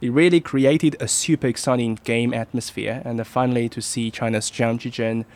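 A man reporting on sports, calmly recounting game moments in a casual chat. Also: mid-range voice, moderate pace.

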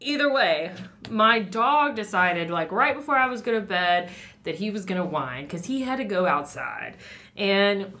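A woman radio host telling a story in casual podcast chat, animated and quick to act out the people in it. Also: medium pitch.

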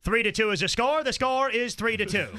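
A male comedian playing a radio sports announcer who repeats himself in a slow, measured delivery. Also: very high voice, sharp tone, voice pushed up. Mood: mock-earnest.

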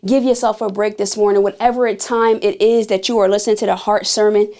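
A woman hosts a podcast and delivers an intimate spoken sermon on grief. She talks earnestly and emphatically, straight to her listeners. Her voice sits at a middle pitch. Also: little pitch movement, dark tone. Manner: earnest, slow and emphatic, speaking directly to listeners. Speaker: podcast host.

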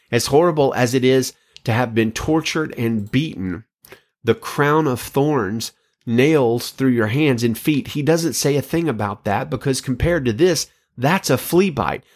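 A man preaching a sermon, reading scripture and quotations in an earnest, measured way with emphatic phrasing. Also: medium pitch.

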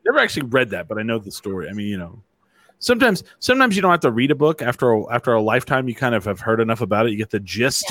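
Animated, teasing male show host. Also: mid-range voice, very fast, no echo. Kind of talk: casual video chat.

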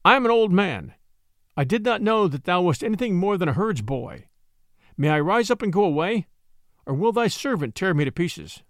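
Rich: A husky old village hunter, frightened and grovelling, as a male storyteller plays him. The voice rises and falls a lot and sits close and dry on the mic. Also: sits high, big pitch swings, moderate pace, no room sound. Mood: pleading.

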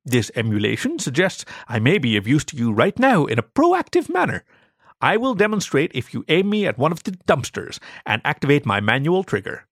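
A prim, precise alien transmogrifier gun, as a man puts it on, talking in stiff polite machine phrasing and lifting a little higher than his plain voice. the recording is dry and close, with no room sound at all. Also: wildly swooping pitch, brisk, fairly bright tone, slightly rough, no room sound, heavily acted. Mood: formal.

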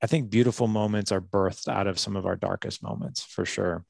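A man's voice: fairly low pitch, steady tone, brisk, gravelly, darkish tone, dry recording, studio quality. A man speaking as a guest on a faith-based podcast, earnest and a little emotional, often repeating his words as he reflects.

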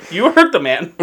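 Animated podcast host man, crude banter. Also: high voice, breathy edge. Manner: crude, laughs often, animated.

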